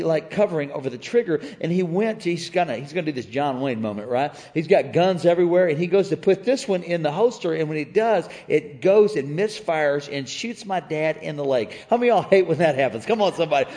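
Middle-aged male pastor with a high voice, storytelling sermon style that rallies the crowd, big hall echo. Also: a little fast, hardly any pauses. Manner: animated storytelling, calls out to the congregation. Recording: reverberant church hall.

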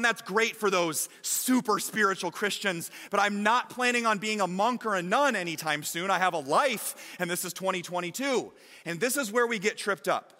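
A man preaching a sermon as pastor, energetic and emphatic. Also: high voice, big-room sound. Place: large church hall.

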